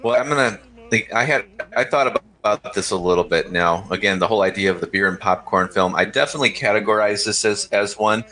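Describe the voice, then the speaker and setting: A man's voice: on the low side, fast talker, sharp tone, slight background noise, low-quality recording. A man co-hosting a horror film podcast, chatting casually and eagerly sharing trivia. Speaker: podcast co-host. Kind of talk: casual movie review chat.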